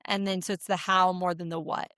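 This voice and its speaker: A woman in her thirties co-hosts a casual podcast chat, animated and full of filler words. Her voice is smooth and resonant. The sound is dry and close, with no room around it. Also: lowish voice, fairly quick, no room sound. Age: 30s. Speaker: podcast co-host.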